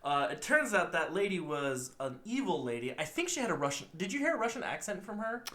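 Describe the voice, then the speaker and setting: A young man co-hosting a podcast, retelling a film's plot in a rambling, animated way and acting out the characters' lines. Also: sits high, brisk, slight background noise. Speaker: podcast co-host. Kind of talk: casual movie recap.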